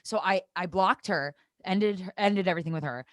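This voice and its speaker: In clean studio audio without echo, a lowish-voiced woman chats casually as a podcast guest at normal speed. Her storytelling is animated, full of swearing and voiced impressions of other people.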